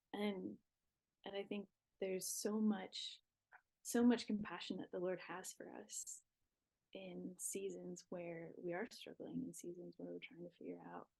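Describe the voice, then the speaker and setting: A young woman, a podcast guest, talking in a relaxed, reflective way about faith and new motherhood. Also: mid-range voice, creaky, slightly rough, low-quality recording. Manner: reflective, talks with her hands. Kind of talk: casual faith talk.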